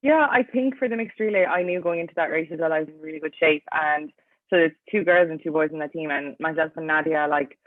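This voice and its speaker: Speaking quickly in a low voice, a young Irish athlete in her twenties chats as a guest in a casual interview, using "like" in nearly every phrase. The recording is dry and tinny, like a phone line.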